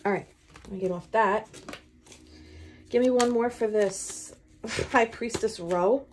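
A woman's voice: on the high side, slow, a little hiss or hum. Chatty woman giving a tarot reading. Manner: animated, chatty, laughs often, talks straight to viewers. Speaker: tarot reader.

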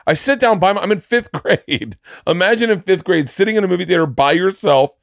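A middle-aged man spins a story on a casual podcast, his voice jumping up in pitch when he gets excited. The sound is close and dry, with no room around it. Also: brisk, gravelly, no room sound. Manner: animated, swings into high excited bursts while telling stories. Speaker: podcast co-host.

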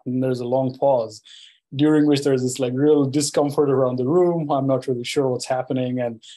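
A man's voice: medium pitch, fairly even intonation, moderate pace, dark tone, poor audio. A man giving a university lecture, telling a field anecdote in a loose, conversational way full of "you know" and "right?". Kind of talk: storytelling academic lecture.

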